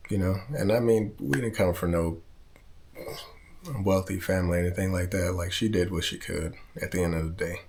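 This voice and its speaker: A Southern California vlogger tells a personal story in a low, darkish voice with vocal fry, speaking at a moderate pace. His casual delivery rambles, swears freely and backtracks often.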